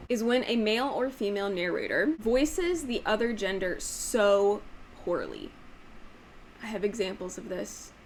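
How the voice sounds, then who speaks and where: A woman hosting a casual book vlog, talking emphatically with lots of "like" fillers and sometimes showing off voices with sudden jumps in pitch. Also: a little hiss or hum. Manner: chatty, emphatic, frequent "like" fillers. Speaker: book channel host.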